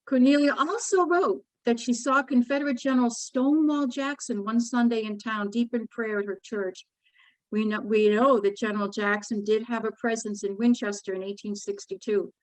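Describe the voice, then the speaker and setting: A woman poet and author giving a book talk, speaking in an earnest, measured and emotionally moved way. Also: on the high side, fairly even intonation, no room sound, rough recording. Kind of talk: book talk with poetry reading.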